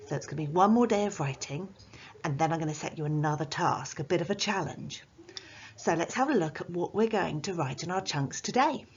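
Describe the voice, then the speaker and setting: A woman teacher giving a recorded writing lesson to children at home, in a slow, sing-song delivery with a playful pirate voice now and then. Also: sits low, breathy edge, highs cut off. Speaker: primary school teacher.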